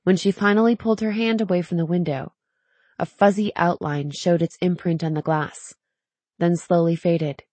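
A woman narrating an audiobook with a dark, mellow tone and a husky edge. She keeps a steady, measured storytelling pace, recorded close on the mic in a dry, dead room. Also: fairly low pitch, dry recording. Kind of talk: scripted narration.

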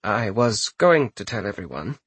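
A man voicing a formal, loyal male chamberlain who speaks in a low, measured, deferential way. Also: sing-song, fairly bright tone, breathy edge, no echo, exaggerated voice. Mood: grave.

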